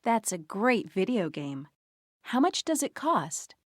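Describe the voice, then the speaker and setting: A woman's voice: mid-range voice, sing-song, takes it slowly, no echo, clean studio sound. An actress playing a casual young woman asking about a video game's price in a lesson dialogue. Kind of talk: scripted dialogue for a language lesson.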